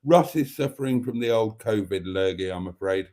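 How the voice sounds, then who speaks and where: A man's voice: fairly low pitch, moderate pace, darkish tone. A middle-aged man hosting a casual live stream, reading out viewer comments and teasing them in a chatty way.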